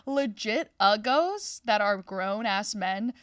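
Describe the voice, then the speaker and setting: A woman's voice: mid-range voice, animated, slow pace, clear, resonant tone, no room sound, studio quality, distant mic. A young woman, co-hosting a comedy podcast in casual chat, bubbly and teasing. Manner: bubbly, laughs loudly, teasing.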